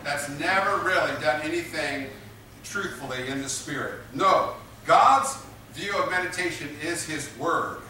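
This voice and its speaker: A man's voice: on the high side, animated, a little slow, pushed and bright, a little hiss or hum. A man preaching a sermon, emphatic and repetitive, drawing responses from his congregation. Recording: echoey room picked up from a distance.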